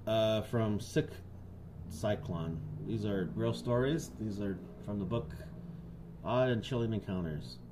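A man's voice: fairly low pitch, slow, background noise. A man co-hosting a podcast, joking crudely and reading stories aloud. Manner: crude, joking, laughs a lot. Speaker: podcast co-host.

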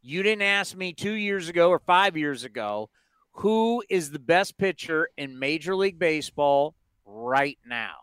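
A man's voice: fairly high pitch, lively intonation, unhurried, fairly bright tone, clean tone, no echo. A man hosting a baseball talk show, talking casually and emphatically, firing off rhetorical questions. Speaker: sports talk show host.

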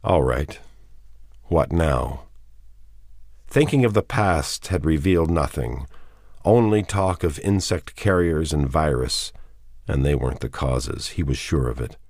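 A man narrating a novel aloud with measured storytelling. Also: very deep voice, darkish tone, dry recording, clean studio sound. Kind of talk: audiobook narration.

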